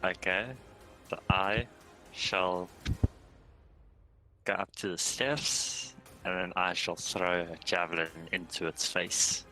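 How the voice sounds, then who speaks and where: A man's voice: low voice, slow pace, long pauses, sharp tone, faint music behind, poor audio. A man playing a tabletop game, speaking hesitantly with a touch of mock-formal phrasing. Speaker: player. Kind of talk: casual chat in a tabletop game.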